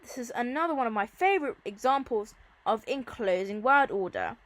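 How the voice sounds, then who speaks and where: A woman's voice: a little high, animated, normal speed, hardly any pauses, heavy background noise. A woman giving an informal Latin revision lesson, chatty and enthusiastic, repeating key terms as she goes. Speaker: Latin teacher.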